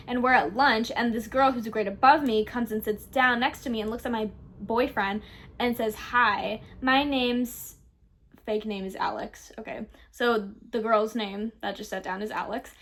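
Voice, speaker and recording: A young woman co-hosting a laid-back confessions chat, reading each one aloud and giggling as she goes. Her voice sits somewhat high. She swears freely and keeps things animated. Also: a little slow. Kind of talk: casual chat.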